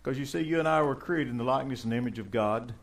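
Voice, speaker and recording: A male pastor delivering a sermon, shifting between relaxed asides and fervent, emphatic passages. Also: medium pitch, fast talker. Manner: conversational preaching that swells into fervent emphasis.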